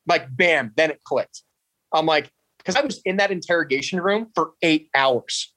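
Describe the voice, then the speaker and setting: Blunt, animated man telling a story. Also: fairly high pitch, moderate pace, dry recording. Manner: animated, blunt, swears freely. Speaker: podcast guest. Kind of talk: casual storytelling interview.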